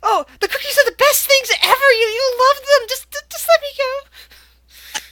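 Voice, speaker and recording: A shrill, frantic little pixie. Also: female voice, moderate pace, bright, forceful tone, no room sound. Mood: frantic pleading. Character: tiny tied-up pixie, frantic and pleading.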